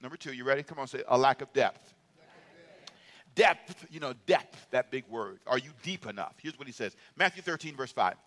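A pastor preaching a lively, humorous sermon with call-and-response. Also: male voice, mid-range voice, normal speed.

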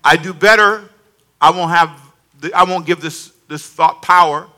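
Pastor, male, high ringing voice, lively preaching that calls on the congregation to answer. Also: measured pace. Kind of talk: sermon.

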